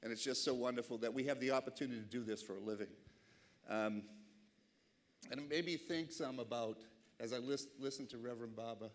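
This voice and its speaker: A man's voice: medium pitch, a little fast. A middle-aged man with a Boston accent giving a passionate, chatty keynote speech at an awards dinner. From Boston, USA. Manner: passionate, animated, chatty with asides. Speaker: keynote speaker. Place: banquet hall.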